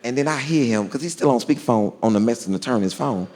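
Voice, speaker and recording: Animated storytelling comic, man, big hall. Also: medium pitch, quick pace. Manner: drawling, animated, deadpan punchlines. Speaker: stand-up comedian. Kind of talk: stand-up storytelling. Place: large theater stage. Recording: long hall reverb, faint crowd ambience.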